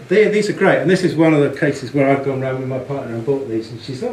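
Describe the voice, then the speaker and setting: A man's voice: medium pitch, fast, few pauses, reverberant, noisy background. A man giving a presentation on branding, chatty and amused, often repeating words as he thinks. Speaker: speaker on branding and packaging. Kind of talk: presentation to an audience.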